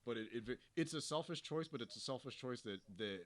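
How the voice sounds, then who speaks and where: A man co-hosting a casual movie review chat, speaking quietly and thoughtfully as he analyzes a character's choices. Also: mid-range voice, animated, fairly quick. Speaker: co-host of a film review show. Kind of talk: casual spoilery movie discussion.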